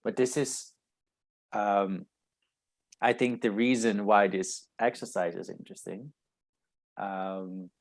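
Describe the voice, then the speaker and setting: A man's voice: sits low, gravelly. A man speaking as a guest on a podcast in casual conversation, thoughtful and hesitant as he searches for the right words.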